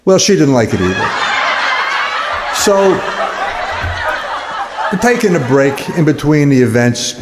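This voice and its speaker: A man telling comic stories about dancing, deadpan, dropping his voice low to act out the other people in his jokes. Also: unhurried, pauses often, a little hiss or hum. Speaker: stand-up comedian. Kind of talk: comic storytelling with acted-out dialogue.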